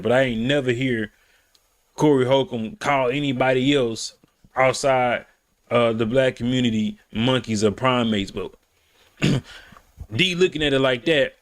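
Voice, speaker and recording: A man talking through his view at a measured pace in a casual podcast chat. His voice sits in an ordinary middle pitch. He checks in with his listeners as he goes. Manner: measured, drawn-out reasoning, says "you feel me".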